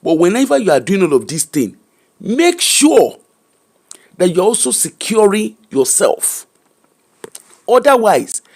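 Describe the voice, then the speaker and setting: A man's voice: high voice, a little mellow, breathy edge. A middle-aged Nigerian man with a Nigerian accent, hosting an emphatic, preacher-like commentary that mixes Pidgin and English. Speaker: host.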